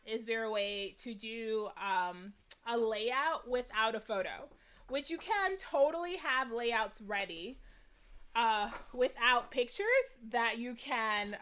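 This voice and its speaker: High, bright-voiced chatty woman. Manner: chatty and animated, many fillers. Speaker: craft livestream host. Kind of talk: casual live crafting chat to viewers.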